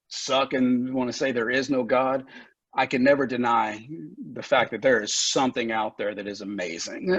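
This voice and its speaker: A man's voice: mid-range voice, husky, dry recording. Frank, profane man telling his story. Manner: frank and profane, laughs often, gets emotional. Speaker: guest, recovery center founder. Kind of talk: candid conversational storytelling. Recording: dull lo-fi podcast audio.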